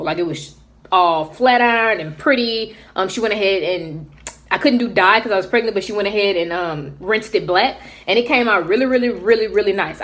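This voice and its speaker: A young adult woman vlogger telling a casual story, animated and acting out what other people said. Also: mid-range voice.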